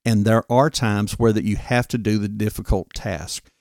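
A man's voice: fairly low pitch, fairly even intonation, moderate pace, a little mellow, dry recording, studio quality. A middle-aged man co-hosting a parenting podcast, talking in a firm, earnest, lecturing way. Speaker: podcast co-host. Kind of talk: casual parenting talk.

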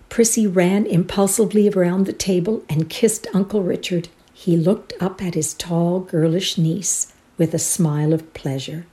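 A woman from Canada reading a classic short story aloud, gently. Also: on the low side, fairly even intonation, moderate pace, hardly any pauses. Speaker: reader.

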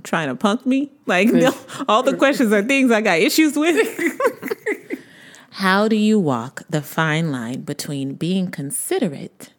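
A woman in her thirties co-hosting a podcast, chatting casually and animatedly, laughing often and acting out quotes. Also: medium pitch. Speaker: podcast co-host. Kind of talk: casual chat.

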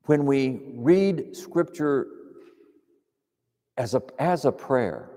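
A man preaching in a calm, reflective, conversational way, teaching on prayer. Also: mid-range voice. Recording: long hall reverb.

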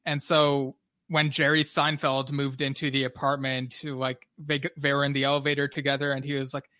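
A man co-hosting a podcast in casual chat, easygoing and quick to laugh. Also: mid-range voice, level tone, bright, forceful tone, dry recording. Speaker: podcast co-host.

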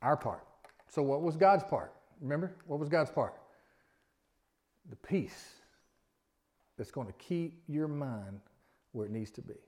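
A man's voice: on the high side, animated, measured pace, pauses often, a little mellow. A middle-aged man preaching a sermon in a folksy, conversational way, drawing responses from the congregation. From Alabama, US. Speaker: pastor.

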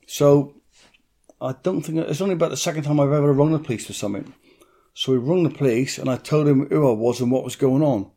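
A man's voice: mid-range voice, brisk, dark tone. A middle-aged man, telling a story bluntly in an interview, swearing freely and acting out other people's voices.

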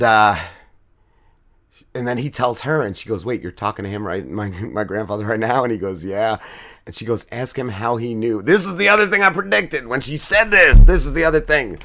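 A man co-hosting a podcast, excitedly retelling a TV episode in casual, profane, rambling chat. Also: mid-range voice. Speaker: podcast co-host.

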